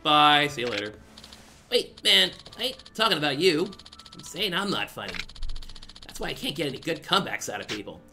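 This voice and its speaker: A man's voice: fairly high pitch, sing-song, a little fast, pushed and bright, full character voice. A man voicing a washed-up comedian who rambles in a folksy, self-deprecating way, with game music behind. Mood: mopey.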